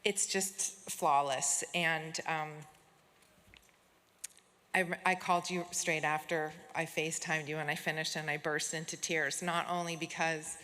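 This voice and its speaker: A middle-aged woman presenting an award on stage, speaking heartfelt and unhurried, with soft fillers, into a podium microphone. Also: low-pitched, level tone. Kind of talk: tribute speech at an awards gala. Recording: long hall reverb, audience.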